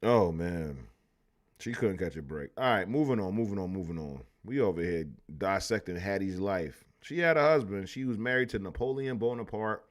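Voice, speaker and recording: A man hosting a live history stream, ranting in an animated, profane way. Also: low-pitched, normal speed. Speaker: host.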